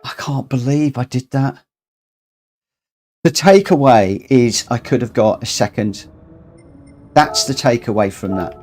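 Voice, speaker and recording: A man talks over his racing game during a livestream, exasperated and scolding himself as he goes. His voice sits at an ordinary middle pitch. Game music plays clearly behind him. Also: expressive, measured pace, long pauses, darkish tone. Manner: exasperated, self-scolding, rueful. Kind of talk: live gameplay commentary.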